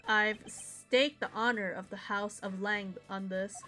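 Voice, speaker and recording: A woman's voice: mid-range voice, steady tone, a little slow, sharp tone, faint music behind. A woman reading the lines of a proud, stern young male agent from a game, in close to her own voice. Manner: reading game dialogue aloud.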